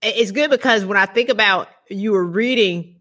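A woman hosting a podcast interview, laughing often and acting out animated retellings. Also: medium pitch, moderate pace. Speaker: podcast host. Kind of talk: casual interview chat.

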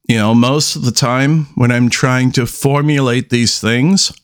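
Slow, pausing podcast host. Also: male voice, medium pitch, fairly even intonation, clean tone. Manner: slow, with long deliberate pauses between statements; halting, restarts often. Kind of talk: unscripted solo podcast monologue.

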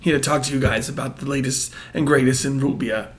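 A man voicing a gravelly ex-smoker root beer enthusiast with a Brooklyn accent. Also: mid-range voice, steady tone, quick pace, slight background noise, lightly acted. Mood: hyped. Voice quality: gravelly from smoking. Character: Root Beer Kev, a raspy ex-smoker root beer guy.

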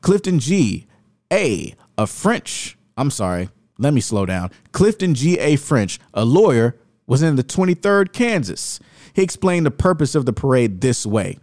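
A man's voice: medium pitch, big pitch swings, a little slow, a little mellow, dry recording, studio quality. A man reading newspaper clippings from a book aloud and commenting on them in an emphatic, sarcastic way. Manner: emphatic and sarcastic, with rising indignation. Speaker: video host reading from a book.

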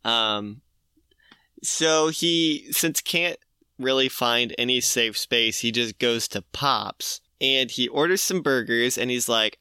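A man's voice: medium pitch, takes it slowly, pushed and bright, smooth, dry recording, studio quality. A man co-hosting a casual comedic podcast, animatedly retelling a comic plot with laughter and swearing. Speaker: podcast co-host. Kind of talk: casual comedic recap chat.

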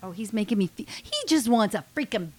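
A woman's voice: mid-range voice, expressive, brisk, crowd noise. A woman co-hosting a casual chat in a radio studio, talkative, laughing often and wandering off topic. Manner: chatty, laughs often, digresses. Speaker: co-host.

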